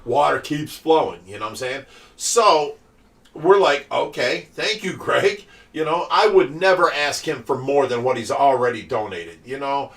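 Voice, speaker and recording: A man's voice: medium pitch, animated, normal speed, a bit bright. A man hosting a casual livestream for a fish rescue, telling stories and laughing often. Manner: chatty storyteller who laughs often. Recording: voice distant from the mic.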